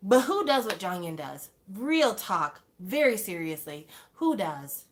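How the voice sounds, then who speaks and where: A young woman talking casually to camera as a fan, animated and exclaiming, full of rhetorical questions. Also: mid-range voice, unhurried. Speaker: fan vlogger.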